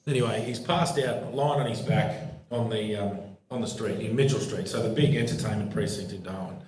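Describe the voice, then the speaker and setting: A man's voice: lowish voice, brisk, a little mellow, slight background noise. A man, a former police supervisor, telling laughing anecdotes as co-host of a live podcast show. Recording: echoey live pub room.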